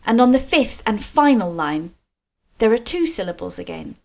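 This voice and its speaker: A woman's voice: on the high side, very animated, darkish tone. Encouraging woman teaching kids poetry. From Scotland. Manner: slow, clear, encouraging explanations. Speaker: creative writing teacher. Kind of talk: friendly video workshop for children.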